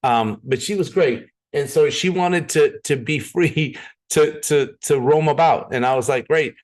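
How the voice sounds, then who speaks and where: Energetic man giving a sales pitch. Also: a little slow. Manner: energetic, persuasive, repeats words when excited. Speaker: presenter. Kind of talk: sales presentation.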